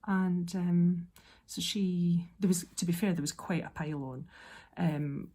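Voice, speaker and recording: Low, gravelly exasperated woman. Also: little pitch movement, measured pace, dark tone. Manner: exasperated, ranting. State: a bit unwell and low-energy. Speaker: vlogger. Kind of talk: casual monologue.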